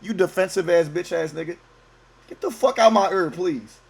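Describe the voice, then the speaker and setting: A man's voice: sits high, normal speed, creaky, a little mellow, breathy edge. A young man streaming from home, reacting to a video with casual, profane, joking slang and talking over it. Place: home at night, keeping voice down.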